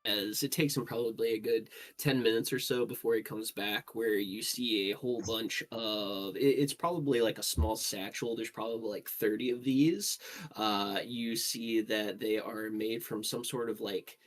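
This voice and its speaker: A man's voice: fairly low pitch, fairly even intonation, moderate pace. A man narrating as game master in a tabletop fantasy game, describing scenes in a loose, descriptive way with many fillers.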